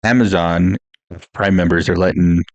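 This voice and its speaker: A man's voice: deep voice, steady tone, normal speed, no echo, lo-fi sound. A man co-hosting a film podcast, laid-back, giving short replies and using lots of fillers. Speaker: podcast co-host. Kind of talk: casual chat.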